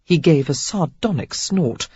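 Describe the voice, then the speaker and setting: A woman narrating a romance audiobook in an expressive, steady storytelling manner. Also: deep voice, measured pace, breathy edge, dull audio. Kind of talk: scripted narration.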